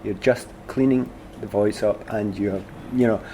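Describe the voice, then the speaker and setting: A middle-aged man with a Glasgow Scottish accent, a former footballer being interviewed, telling stories in a lively, self-deprecating way. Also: lowish voice, a little slow, a little hiss or hum. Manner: animated, self-deprecating storyteller. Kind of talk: casual conversation.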